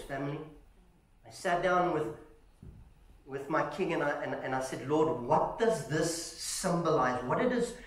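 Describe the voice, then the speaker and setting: A man preaching a sermon in a church, telling stories with animated shouts, calling the congregation "family" and asking "Amen?". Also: a little high. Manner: animated storytelling, acting out shouts. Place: church hall. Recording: echoey church hall.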